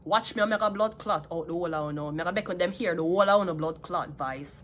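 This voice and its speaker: A woman's voice: lowish voice, a little fast, fairly bright tone, slight background noise. A woman with a Jamaican accent ranting heatedly to her viewers, profane and switching between patois and standard English. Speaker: vlogger. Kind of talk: unscripted rant to viewers.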